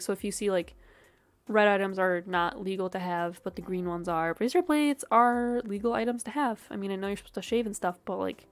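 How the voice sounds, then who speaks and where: Chatty young woman streamer rambling. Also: medium pitch. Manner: wry, with frequent soft laughs and muttered asides. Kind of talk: casual gameplay commentary.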